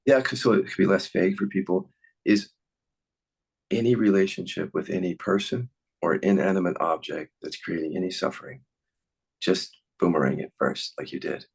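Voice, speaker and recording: A man's voice: sits low, normal speed, creaky, breathy edge, poor audio. A man teaching on a podcast in an earnest, encouraging, plain-spoken way. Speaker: somatic inquiry teacher.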